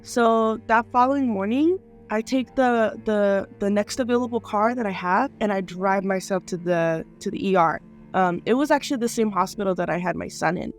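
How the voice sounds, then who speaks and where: A woman's voice: mid-range voice, normal speed, soft background music. A young adult woman sharing her life story in an interview, talking candidly and emotionally, full of "like" and "you know". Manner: emotional, conversational, many "like" and "you know" fillers. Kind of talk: candid personal testimony.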